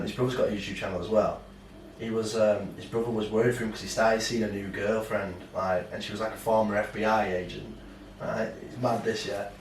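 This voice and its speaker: A man, co-hosting a podcast in casual, animated chat, swearing and acting out quotes. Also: fairly low pitch. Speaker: podcast co-host. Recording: roomy, distant mic with faint noise.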